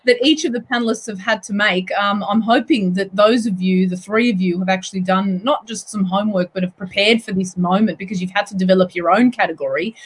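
Husky-voiced woman hosting a panel. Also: mid-range voice, brisk, hardly any pauses, rough recording. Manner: teasing, laughs often. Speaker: host. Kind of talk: casual panel chat.

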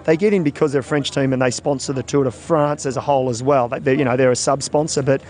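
A man's voice: mid-range voice, steady tone, fast talker, darkish tone. A man with an Australian accent co-hosting a cycling podcast, chatting casually, teasing and laughing often. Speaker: podcast co-host and cycling commentator. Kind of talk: casual chat.

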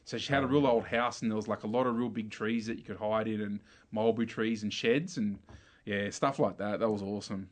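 An Australian man telling childhood stories in a relaxed, casual chat full of slang. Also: on the low side, a little fast. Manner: relaxed storytelling with slang and laughs.

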